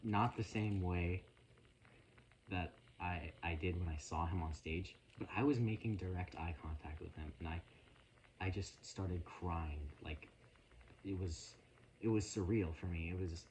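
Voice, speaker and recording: Very deep-voiced young man rambling. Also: a little mellow, a little hiss or hum, poor audio. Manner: earnest, halting, emotional retelling. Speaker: vlogger. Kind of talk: casual rambling story. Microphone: phone.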